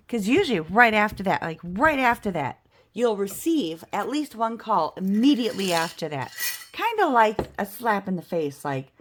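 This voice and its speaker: A woman vlogging at home, telling a self-mocking story in a chatty, animated way while playing a game. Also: medium pitch, normal speed. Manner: chatty, self-mocking, animated storyteller who acts out the other people's lines. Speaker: budget and game-night vlogger.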